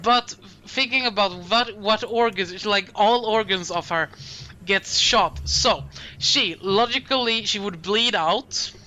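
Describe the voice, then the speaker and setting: A man co-hosting a horror movie podcast in casual chat, laughing often and pausing with ums. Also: high voice, pushed and bright, slight background noise, low-quality recording. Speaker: podcast co-host.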